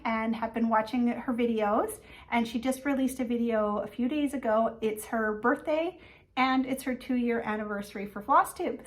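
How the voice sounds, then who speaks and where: Woman, fairly high voice, chatty storytelling, casual vlog chat, lots of fillers. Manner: chatty storytelling, many fillers, acts out quotes. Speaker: flosstube host.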